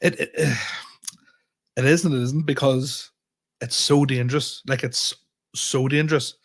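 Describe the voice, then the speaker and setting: Animated man telling stories. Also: medium pitch, a little slow. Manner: animated storyteller acting out both sides of dialogue, swearing. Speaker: podcast co-host, comedian. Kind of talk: casual chat.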